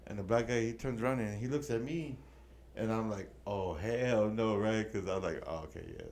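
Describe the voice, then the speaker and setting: A man's voice: lowish voice, expressive, quick pace, darkish tone. A man co-hosting a casual podcast, telling a long story with plenty of slang and curse words, dropping Spanish words in. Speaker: podcast co-host.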